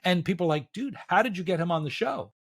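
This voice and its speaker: A middle-aged man, a podcast guest, telling a story in a casual, animated way and acting out what people said. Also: high voice, fast talker, slightly rough. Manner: animated storyteller, acts out quotes, says "da, da, da".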